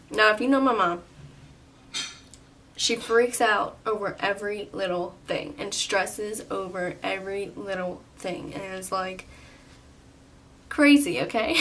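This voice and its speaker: A woman in her twenties telling a storytime vlog, animated and full of "like", with some swearing. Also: mid-range voice, a little slow, distant mic, slight background noise. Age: 20s. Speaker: vlogger.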